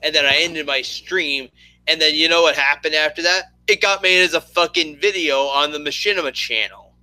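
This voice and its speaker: A man with a very bright, cutting voice that sits a little high rants through a casual gaming podcast chat. He swears heavily and laughs often, and the sound is dry and close. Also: steady tone, normal speed, dry recording, poor audio. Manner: profane, ranting, laughs a lot. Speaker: podcast co-host.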